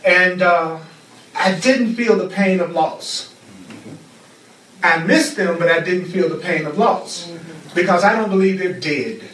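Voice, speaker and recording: A man's voice: high voice, measured pace, pauses often, a bit bright, slight background noise. A man teaching a spiritual class with a fervent, repetitive preaching cadence. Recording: roomy echo, far from the mic.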